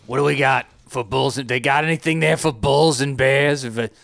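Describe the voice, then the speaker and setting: In an improvised comedy podcast bit, a male co-host voices Mort, a brash, sleazy, crude middle-aged male CEO who boasts and barks at his producer. His voice is mid-range, creaky, and a bit bright at normal speed, with no room sound and faint music behind.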